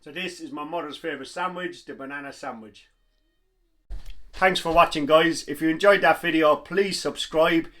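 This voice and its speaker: A man's voice: fairly high pitch, a bit bright, no room sound. Chatty Irish man cooking on camera. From Ireland. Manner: chatty and jokey, with casual slang. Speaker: home cook and vlogger. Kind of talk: casual cooking vlog chat.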